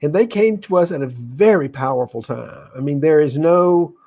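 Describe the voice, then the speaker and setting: A man hosting a reflective online session, talking in an earnest, halting way with restarts, then reading a poem aloud slowly. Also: a little high, expressive, dark tone. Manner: reads slowly with long pauses. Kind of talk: casual live talk and slow poetry reading.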